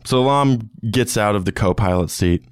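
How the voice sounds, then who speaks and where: A man narrating a tabletop role-playing game as game master, in a relaxed, descriptive way. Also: lowish voice, normal speed, smooth, no room sound.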